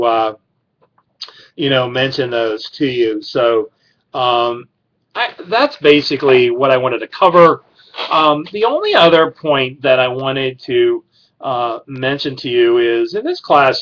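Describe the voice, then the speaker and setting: Casting: man, mid-pitched, instructor in a rambling classroom lecture, dull lo-fi recording. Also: fairly bright tone. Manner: rambling, many fillers and restarts. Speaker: criminal justice writing instructor.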